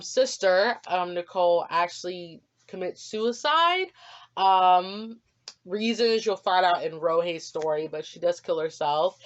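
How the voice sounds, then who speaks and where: A young woman casually talking about her original character in a vlog, rambling with lots of ums. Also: lowish voice. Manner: rambling, many ums, gets emotional. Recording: dull lo-fi audio with faint music.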